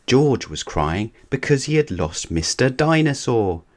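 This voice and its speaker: A man reading a children's storybook aloud as narrator, in a measured, even way. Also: mid-range voice.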